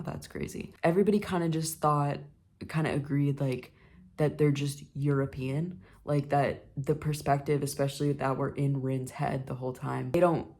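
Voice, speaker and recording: A woman filming a casual reading vlog, reacting live to a book, jumping between hushed asides and loud, swearing outbursts. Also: low voice, slight background noise. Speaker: book vlogger.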